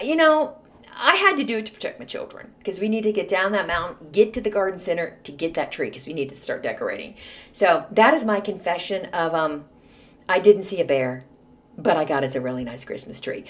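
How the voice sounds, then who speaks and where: A middle-aged woman hosting her own podcast, chatting casually and animatedly to her listeners. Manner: animated, chatty, jumps in pitch. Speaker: podcast host. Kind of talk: casual solo podcast chat.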